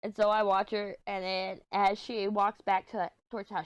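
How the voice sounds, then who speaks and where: A woman's voice: mid-range voice, level tone, moderate pace, hardly any pauses, smooth, no echo. A middle-aged woman vlogger chatting casually while she crafts, telling a rambling story and giggling often. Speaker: diamond painting vlogger.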